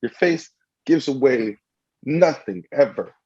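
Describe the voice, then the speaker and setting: A man's voice: medium pitch, animated, takes it slowly, dark tone, lo-fi sound. A man hosting a casual podcast and running a party game, teasing his friends and goofing around. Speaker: podcast host.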